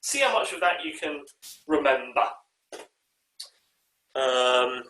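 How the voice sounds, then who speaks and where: A man directing an online choir rehearsal, often pausing with ums and uhs and singing short bits of the music to show how a phrase should go. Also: mid-range voice, expressive, bright, forceful tone. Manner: demonstrates phrases by singing and speaking them; hesitant, with frequent ums and uhs. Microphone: video call. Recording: echoey room, far from the mic.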